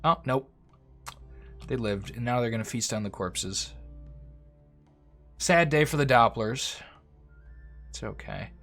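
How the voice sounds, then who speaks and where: A man plays a strategy game and offers casual, chatty let's-play commentary, often addressing the units on screen. His voice is medium-pitched and fairly bright, slow with long pauses, over faint game music.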